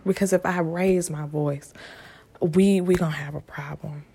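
A woman giving casual motivational talk, frank and animated with lots of profanity, sometimes dropping into a hushed whisper. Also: low-pitched, normal speed, gravelly, husky. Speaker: vlogger and spiritual speaker.

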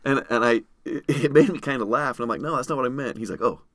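A man's voice: medium pitch, quick pace, no echo. A man, a podcast guest, vividly telling a survival story in conversation. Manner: vivid storyteller, acts out others' shouting.

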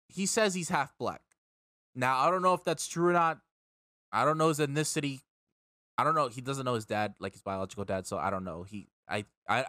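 A man's voice: medium pitch, pushed and bright, no echo, studio quality. A young man hosting a casual chat, telling a long story in a rambling, profane way that repeats words as he gets worked up. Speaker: streamer and podcast host.

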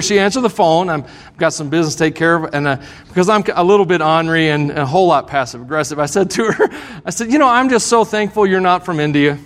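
A man's voice: high voice, a bit bright. A male pastor preaching a sermon, telling a story in a self-deprecating way with frequent chuckles, in a church sanctuary. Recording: reverberant church hall.

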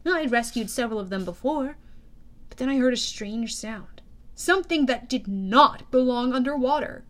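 A woman with a high voice narrating a first-person audiobook. Her telling is lively and expressive, full of youthful energy. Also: moderate pace.

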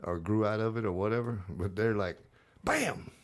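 A Southern-accented man from North Carolina tells stories in a relaxed podcast chat. His voice sits fairly low, and he wanders through his stories with lots of "uh" and false starts. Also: a little fast. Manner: rambling storyteller, many fillers and restarts. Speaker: podcast guest, army veteran.

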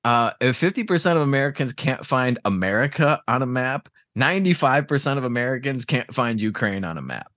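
A man's voice: mid-range voice, animated, a little fast, hardly any pauses, fairly bright tone, no room sound, studio quality. A man in casual podcast chat, ranting with profanity and sarcasm.

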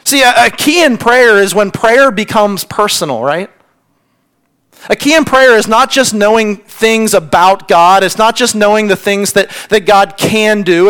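Male pastor, higher voice, earnest sermon delivery with hushed drops. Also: clear, resonant tone. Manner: earnest, repeats words when stressing points; drops to a hushed near-whisper on key lines.

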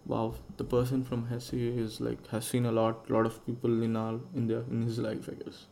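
A man's voice: mid-range voice, monotone, normal speed, creaky, mellow, a little hiss or hum. A young man hosting a casual solo podcast, rambling and musing aloud and swearing freely. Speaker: podcast host.

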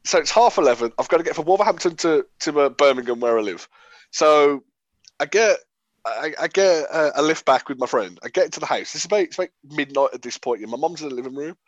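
A man, telling stories in a casual chat, animated and laughing often. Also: fairly high pitch, fast talker, no room sound, highs cut off. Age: 20s. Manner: animated storyteller, laughs often, acts out quotes.

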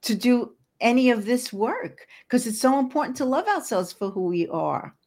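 In a casual interview, an older woman guest who works as an energy healer speaks earnestly, often repeating words as she searches for them. Her voice is fairly high and a little mellow, with lively intonation and a moderate pace.

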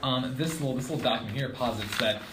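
A young man talks in a dry, wry way, happy to lay out facts mid-chat. His voice bounces around a roomy space, and steady background noise sits under the recording. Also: mid-range voice, quick pace. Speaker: podcast co-host. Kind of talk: casual chat. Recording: noisy, echoey room recording.

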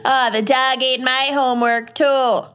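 A woman's voice: high-pitched, steady tone, unhurried, fairly bright tone, clear, resonant tone. A woman co-hosting a podcast in casual chat, playful as she keeps the show moving. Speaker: podcast co-host.

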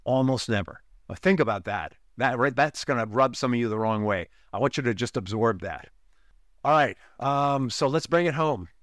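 A man's voice: medium pitch, normal speed, a bit bright, no room sound, studio quality. A man hosting a relationship podcast, giving an emphatic teaching monologue and repeating key lines for effect. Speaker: podcast host, relationship coach.

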